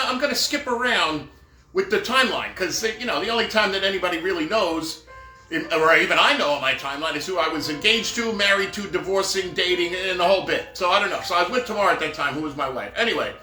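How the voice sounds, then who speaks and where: A man's voice: high voice, bright, forceful tone. A middle-aged man who works as a professional Santa, telling stories in a casual, rambling monologue with jokey asides and acted-out dialogue. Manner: acts out quoted dialogue. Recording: roomy echo with faint music.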